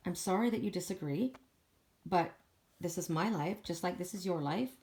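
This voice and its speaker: Woman voicing a dragon-riding warrior woman, defiant, scoffing, lowish voice. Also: moderate pace, darkish tone, a little hiss or hum, lightly acted. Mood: resolute. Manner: defiant, scoffing, self-assured.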